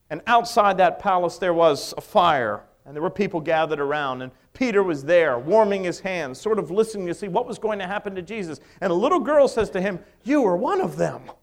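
High-voiced middle-aged male preacher. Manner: emphatic, rhetorical questions, sweeping pitch. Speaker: pastor. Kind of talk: sermon.

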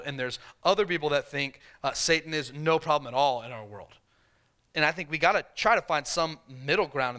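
A man preaching a sermon in a conversational way, voicing the tempter's questions in softer, lower tones. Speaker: pastor.

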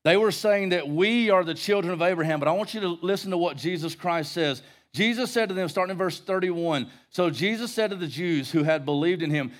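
Animated preacher man, lively pitch. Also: a little fast. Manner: animated, conversational, jokes and rhetorical questions. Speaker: pastor. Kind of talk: expository Bible-study sermon.

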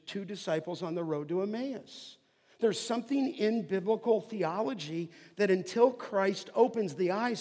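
A male pastor preaching in a high voice at a slow, deliberate pace. He drops to hushed asides, then rises to emphatic lines. His voice rings with the long reverb of a church hall. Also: slightly rough. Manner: expressive preaching, swings between hushed and emphatic. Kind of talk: sermon.

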